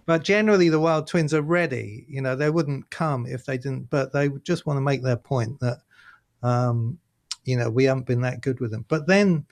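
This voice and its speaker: A man's voice: medium pitch, moderate pace. Chatty man telling stories. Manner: animated storyteller, acts out quoted voices, laughs often. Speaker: guest, workshop leader. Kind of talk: casual interview chat.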